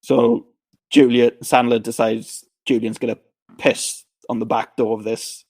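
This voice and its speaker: A man's voice: mid-range voice, husky. Man retelling movie scenes. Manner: animated retelling, acting out scenes in quick voices. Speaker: podcast co-host. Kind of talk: casual movie recap chat.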